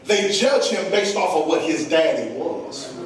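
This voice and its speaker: A man preaching a sermon, calling out to his congregation and building to shouts. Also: on the high side, sing-song, a little slow, heavy background noise. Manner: preaches with rising shouts and call-outs to the congregation. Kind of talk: call-and-response sermon. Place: church sanctuary. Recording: echoey church, distant mic, congregation responding.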